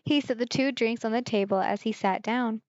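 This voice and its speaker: A woman's voice: on the high side, moderate pace, darkish tone, dry recording, muffled recording. A woman from Germany streaming a visual novel, reading the story aloud and chatting with viewers in asides.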